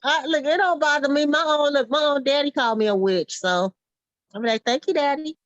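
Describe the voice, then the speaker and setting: A woman's voice: high-pitched, fairly quick, no echo, lo-fi sound. A woman telling wry, profane stories in a casual chat, laughing as she goes.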